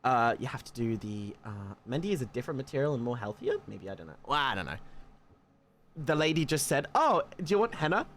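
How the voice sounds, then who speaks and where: Animated southern English man streaming. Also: brisk, a little hiss or hum. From south of England. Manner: animated, jumps to high excited squeals; stammering restarts. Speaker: livestreamer. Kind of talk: casual chat reading live comments.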